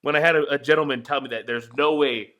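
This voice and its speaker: Bright-voiced young man telling sports stories. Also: mid-range voice, quick pace, muffled recording. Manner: animated storytelling, heavy swearing. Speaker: podcast co-host. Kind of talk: casual chat.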